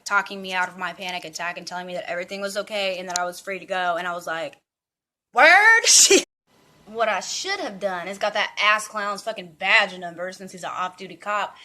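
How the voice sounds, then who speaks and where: A young woman from Dallas telling a storytime vlog in a profane, animated way. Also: medium pitch. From Dallas, Texas. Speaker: vlogger.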